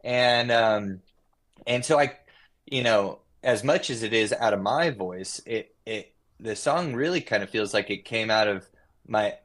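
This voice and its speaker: A man with a lowish voice talks slowly through a memory, circling back and restarting as he finds his words. He speaks like a guest on a casual podcast, thoughtful rather than performative. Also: fairly bright tone. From Nashville. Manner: reflective, rambling with many restarts. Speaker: guest musician.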